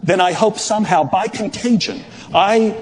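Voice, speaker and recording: A man in his sixties from Dallas telling a personal story live on stage, with expressive, shifting pacing and wry humor. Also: high voice, normal speed, big-room sound, slight background noise. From Dallas, Texas. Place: stage before an audience.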